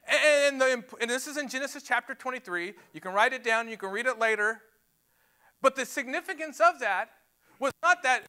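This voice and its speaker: A man's voice: extremely high pitch, a little fast, sharp tone. A man preaching a sermon to a church, emphatic and repeating words as he builds his points. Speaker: pastor. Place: church sanctuary.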